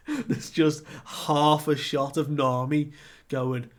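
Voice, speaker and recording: A man casually recapping a manga chapter, animated and often laughing, with lots of fillers. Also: mid-range voice, unhurried. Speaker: manga reviewer. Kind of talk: casual recap with acted quotes.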